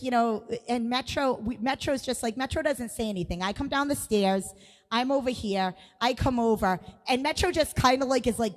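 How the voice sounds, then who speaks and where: Chatty woman telling a story, reverby. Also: on the high side. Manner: chatty, lots of 'like', acts out quoted voices. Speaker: co-host of a live music show. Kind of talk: casual storytelling to viewers. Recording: long reverb with music behind.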